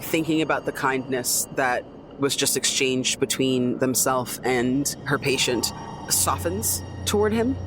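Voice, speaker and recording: A man's voice: a little high, background noise. A man playing a tabletop game, casually describing his character's actions with hesitations. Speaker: player.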